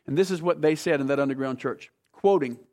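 A man's voice: on the high side, fairly quick, a little mellow. A man from the United States preaching a sermon as pastor, telling stories and urging his congregation to listen closely.

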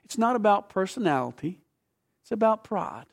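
A male preacher delivering a sermon with a gravelly edge and a slightly raised pitch. He is emphatic and asks the congregation questions. He swings from hushed stretches to loud, urgent bursts. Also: sing-song, normal speed.

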